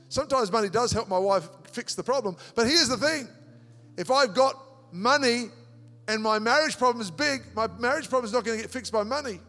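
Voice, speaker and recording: High-voiced man preaching in a hall. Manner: animated, repeats words, acts out dialogues. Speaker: pastor. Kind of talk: sermon. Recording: long hall reverb with music behind.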